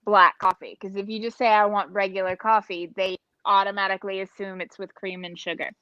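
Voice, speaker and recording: A woman's voice: mid-range voice, little pitch movement, a little fast, sharp tone, no echo, dull audio. A woman in casual chat, telling stories and swearing freely.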